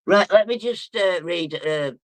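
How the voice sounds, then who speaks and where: A man's voice: high-pitched, a little slow, no echo. A drunk man rambling and swearing as he chats on a livestream and reads out comments. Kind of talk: casual livestream chat, reading comments.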